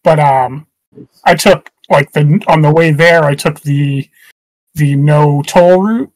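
A man's voice: a little high, takes it slowly, dry recording, low-quality recording. A man co-hosting a casual podcast, telling rambling stories and laughing often, recorded close to the mic in a small room. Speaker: podcast co-host. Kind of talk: casual chat.

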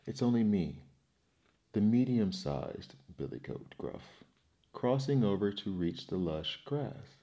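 A man voicing a timid medium-sized billy goat that begs not to be eaten, with his voice raised higher, as whispered role-play. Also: lively intonation, slow pace, warm tone, dull audio. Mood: pleading.

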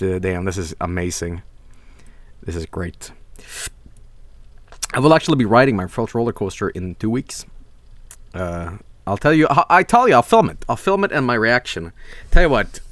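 A man's voice: lowish voice, dry recording. A young man streaming, chatting casually and rambling, with lots of swearing and chuckles.

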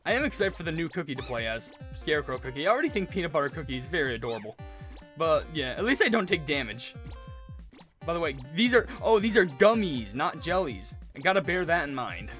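Man, high voice, bright tone, excitable let's-play commentary, stumbling speech, faint game music. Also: quick pace. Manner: gushing, excitable, stumbling over words. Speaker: gaming channel host. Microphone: earphones with mic.

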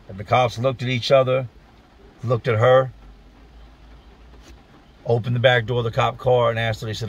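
A man's voice: medium pitch, steady tone, normal speed, pauses often, husky, lo-fi sound. A man from Richmond, Virginia, casually telling a true story to his channel in blunt, profane street slang.

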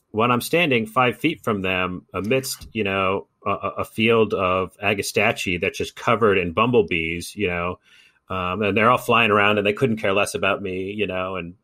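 A man's voice: fairly low pitch, bright, forceful tone, no echo. A middle-aged man co-hosting a gardening podcast, telling casual stories and often repeating words as he talks. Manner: storytelling, self-interrupting, repeats words. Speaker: podcast co-host. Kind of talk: casual chat.

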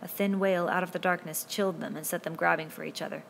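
A woman reading a novel aloud as an audiobook narrator, in a steady, measured delivery. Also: lowish voice, creaky, slight background noise. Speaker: audiobook reader.

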